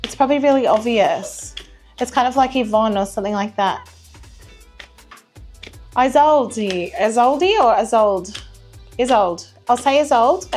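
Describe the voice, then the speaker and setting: A woman giving a live tarot reading, reassuring, apologetic and gently chatty. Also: on the high side. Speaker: tarot reader.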